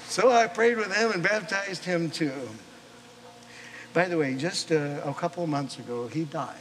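A male pastor preaching a sermon, telling a story with animated delivery, acting out the voices of the people in it and often restarting his words. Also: on the high side, normal speed, a little hiss or hum, low-quality recording. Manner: animated storyteller, acts out quoted voices, frequent repeated starts. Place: church or chapel service.

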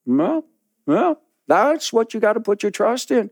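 A pastor preaching a sermon, telling a story dramatically and acting out the people in it. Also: male voice, sits high, very animated, normal speed, darkish tone, dry recording, studio quality.

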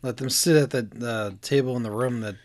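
A woman's voice: very deep voice, steady tone, a little fast, darkish tone. A woman in casual chat who chimes in with blunt, wry jokes and short remarks.

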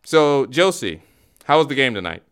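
A man hosting a comedy podcast, telling a story in an animated, rambling way with frequent restarts. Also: mid-range voice, normal speed, smooth, soft background music. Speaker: podcast host. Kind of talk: comic storytelling talk show.

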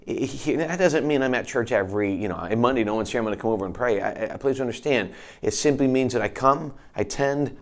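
A male pastor delivering a sermon in an earnest, emphatic voice of middle pitch. He presses his points with conviction, sometimes restarting a phrase mid-thought. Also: a little fast.

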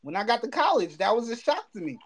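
A man co-hosting a podcast, telling stories in casual, lively chat. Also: extremely high pitch, fast, husky. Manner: lively storytelling, jumps between voices. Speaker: podcast co-host.

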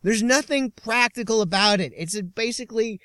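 A man hosting his own podcast from inside a small car, delivering a rambling, sarcastic comedic rant with halting restarts. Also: sits high, sharp tone, no room sound, studio quality. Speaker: podcast host.

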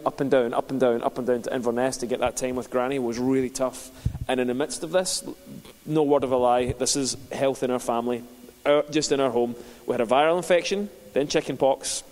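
Pastor preaching in a reverberant hall. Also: male voice, medium pitch, darkish tone. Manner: conversational, builds to passionate preaching. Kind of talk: sermon with personal storytelling.

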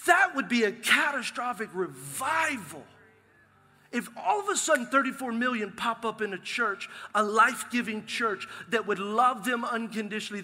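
A middle-aged male pastor, preaching a lively, joking sermon in a large church. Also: very high voice. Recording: long hall reverb from a live sanctuary.

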